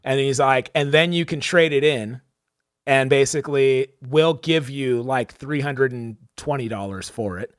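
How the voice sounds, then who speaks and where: A man's voice: mid-range voice, unhurried, smooth, no echo, clean studio sound. A young man co-hosting a podcast, telling a story casually and animatedly, acting out the people he quotes, with lots of "like" and "dude". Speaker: podcast co-host.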